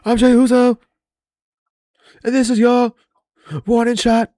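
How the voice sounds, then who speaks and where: A man putting on a mocking impression of a winded, shouting male wrestler cutting a boastful promo. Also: extremely high pitch, completely flat delivery, slow pace, no echo, clean studio sound, pitched above the performer's own voice.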